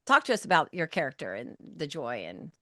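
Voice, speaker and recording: A woman's voice: sits low, wildly swooping pitch, fairly quick, a bit bright, no room sound, clean studio sound. A woman hosting a podcast interview, gushing with praise and often restarting her sentences. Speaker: podcast host and producer. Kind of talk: warm enthusiastic interview chat.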